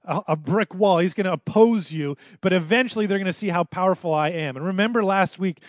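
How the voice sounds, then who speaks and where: A pastor preaching to his church in a notably high male voice. He tells the story in a relaxed, conversational way and acts out the quotes as he goes. The sound is close and dry, with almost no room echo. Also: fairly quick. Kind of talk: sermon.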